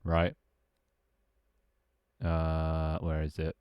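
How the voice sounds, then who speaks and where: A man's voice: very deep voice, monotone, very slow, smooth, no echo, lo-fi sound. A young man streaming live, chatting loosely with his viewers and friends, rambling and laughing as he goes. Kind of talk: casual live-stream chat.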